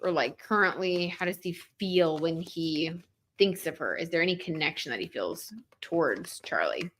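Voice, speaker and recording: A woman's voice: low voice, expressive, moderate pace, fairly bright tone, a little hiss or hum. A young woman hosting a livestream tarot reading, chatting casually and reading viewer comments aloud with many "like" fillers. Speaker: tarot reader and livestream host.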